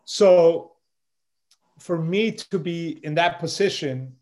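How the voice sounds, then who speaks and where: A middle-aged man, a podcast guest and chef, telling a story in a loose, animated way and peppering his talk with "bro" and "man". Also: on the high side, slow pace. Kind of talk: casual storytelling chat.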